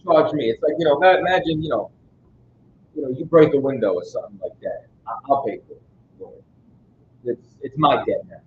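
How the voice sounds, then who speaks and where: A man's voice: mid-range voice, lively intonation, a little fast, pauses often. A man teaching a Bible study in a casual, emphatic way, constantly checking that his listeners follow him. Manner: casual street-style speech. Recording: roomy, dull sound with faint noise.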